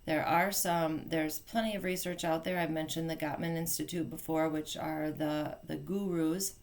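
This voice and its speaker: Gravelly-voiced woman coach, chatty. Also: sits low, fairly even intonation, moderate pace. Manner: conversational, with fillers and self-corrections. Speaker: parenting and communication coach. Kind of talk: casual instructional talk.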